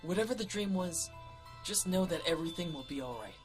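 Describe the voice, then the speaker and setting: A woman voicing a gentle, reassuring young man in a visual novel, speaking softly and quietly. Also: lowish voice, expressive, a little fast, music in the background, lightly acted. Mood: soothing. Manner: soft, hushed, reassuring. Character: gentle soothing young man, Matthew the fiancé. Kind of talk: reading a visual novel aloud with voices.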